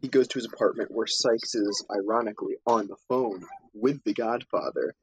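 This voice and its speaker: Man, casual movie recap, lively storyteller, faint background hiss. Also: lowish voice, normal speed, rough recording. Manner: animated storytelling, acts out character lines.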